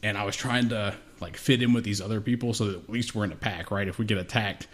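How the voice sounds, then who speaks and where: A young man with a lowish voice tells long, meandering stories on a casual podcast. He talks loosely and swears constantly. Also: steady tone, fast, fairly bright tone. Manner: profane, rambling storyteller. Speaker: podcast co-host. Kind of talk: casual chat.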